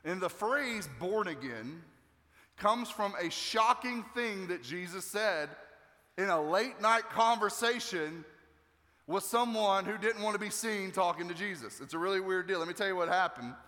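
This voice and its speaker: A male pastor preaching a sermon in a relaxed, joking way, acting out the people in the story. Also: high voice, moderate pace. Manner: conversational and joking, acting out quotes. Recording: long hall reverb.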